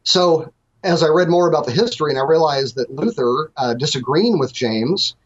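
A man's voice: a little high, moderate pace, breathy edge, highs cut off. A man speaking as a guest theologian on a call-in show, thoughtful and hesitant, with many restarts.

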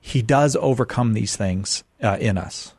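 A man hosting a radio call-in show, talking to callers in a friendly, halting way full of fillers. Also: fairly low pitch, a little mellow, slightly rough, no room sound, studio quality.

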